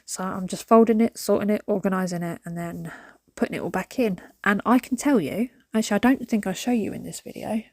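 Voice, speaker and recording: A woman talks casually while she tidies her home, rambling from one thought to the next. She often drops to a soft whisper mid-sentence. Her voice sits at a middle pitch and the sound is dry and close. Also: brisk, no echo. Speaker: vlogger. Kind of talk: casual chat while decluttering.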